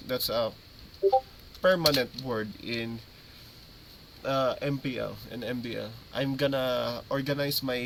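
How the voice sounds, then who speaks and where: Male esports coach, mid pitch, instructive team-meeting delivery that drills terms home. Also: noisy background. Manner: instructive, repeats key terms, checks in with listeners.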